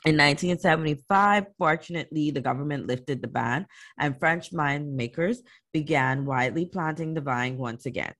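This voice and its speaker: A host reads wine history from a script in a steady, mid-pitched voice. Now and then they break into loose, slangy asides, then go back to reading. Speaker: podcast host.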